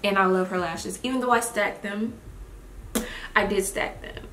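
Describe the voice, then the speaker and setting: A young woman talks casually and expressively to her viewers while she does her makeup, calling them y'all. Her voice sits at a middle pitch. The room around her is echoey, with a faint hiss beneath. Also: normal speed, a bit bright. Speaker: beauty vlogger. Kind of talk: casual get-ready-with-me chat. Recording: roomy home recording.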